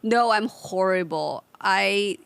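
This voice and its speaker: A woman comedian chatting as a podcast guest, speaking earnestly with halting phrasing. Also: medium pitch, creaky, a bit bright, smooth, no room sound. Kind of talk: casual chat.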